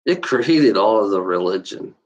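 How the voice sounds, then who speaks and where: This video blogger has a fairly low, expressive voice at normal speed, recorded with dull audio. On a livestream he rants unscripted to camera, heated and repetitive, swearing often and constantly dropping "you know."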